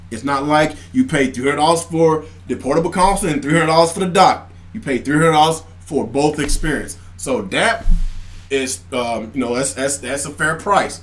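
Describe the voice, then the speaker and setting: Young guy ranting about games, high voice that jumps all over, swears and yells. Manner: heated, swearing, breaks into shouts and laughs. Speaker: gaming channel host. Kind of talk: ranting commentary.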